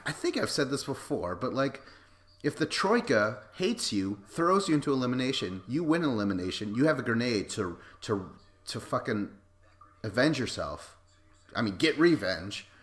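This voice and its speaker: A man's voice: mid-range voice, fairly bright tone. A man hosting a podcast, giving casual, sarcastic commentary over a video and swearing freely. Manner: sarcastic, profane, frequent laughs.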